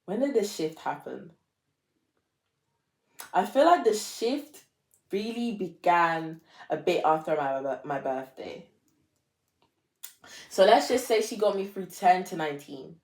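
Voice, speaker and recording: A woman's voice: lowish voice, animated, takes it slowly, long pauses, darkish tone, echoey room. Young woman in a dramatic confessional vlog. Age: young adult. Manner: dramatic, self-mocking, repeats phrases for effect. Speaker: vlogger. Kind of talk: emotional confessional monologue.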